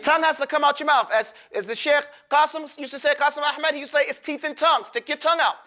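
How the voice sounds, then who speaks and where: A man leads a recitation lesson, his voice pitched unusually high. He drags sounds out slowly so the class can copy them, then rattles off explanations in quick, loose talk. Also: sharp tone. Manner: drills and repeats syllables slowly, then talks fast and loose. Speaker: Quran recitation teacher.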